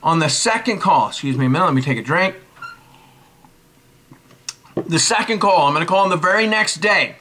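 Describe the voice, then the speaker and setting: A man in his forties giving casual sales coaching, brisk and emphatic, repeating his key points. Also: a little high, lively intonation, sharp tone. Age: 40s. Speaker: network marketing coach. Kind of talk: casual instructional talk.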